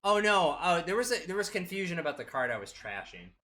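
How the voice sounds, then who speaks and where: A man's voice: sits high, very animated, fast, pushed and bright. A man co-hosting a card game stream, talking casually and joking with swearing, worn down by the heat. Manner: joking, swearing, laid-back. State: hot and sweaty. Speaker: stream co-host playing the game.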